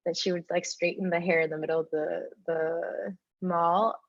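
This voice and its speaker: A young woman telling the story of her life in casual talk, animated, with a lot of "like", and she acts out the other people. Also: fairly low pitch, normal speed, dry recording, highs cut off.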